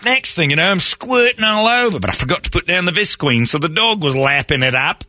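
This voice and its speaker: A loud, vulgar Cockney woman, as a man puts her on on a comedy radio show. She speaks higher than he usually does and keeps her bawdy boasting brash and exaggerated. The accent is broad and thick. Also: lively intonation, brisk. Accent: put-on Cockney.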